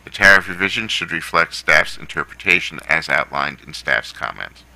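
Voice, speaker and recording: A man on a commission's staff reading out a formal recommendation in a steady voice. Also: extremely low pitch, normal speed, vocal fry, no echo, low-quality recording.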